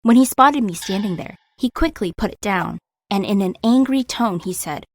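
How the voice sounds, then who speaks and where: Young woman narrating an animated story. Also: medium pitch, normal speed. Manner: emotional, confiding storytelling. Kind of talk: scripted first-person story narration.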